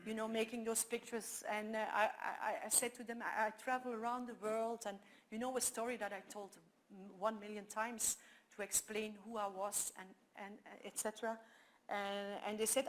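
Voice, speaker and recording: A woman's voice: on the high side, a little fast. Flemish woman telling stories from a stage. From Belgium. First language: Dutch. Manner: animated storytelling with frequent restarts. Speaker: speaker. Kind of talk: conference talk.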